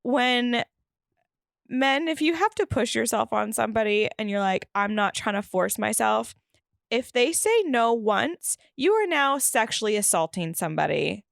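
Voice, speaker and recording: A woman's voice: a little high, animated, measured pace, gravelly, dry recording, studio quality. A woman co-hosting a podcast in casual chat, blunt and fired-up, swearing heavily. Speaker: podcast co-host.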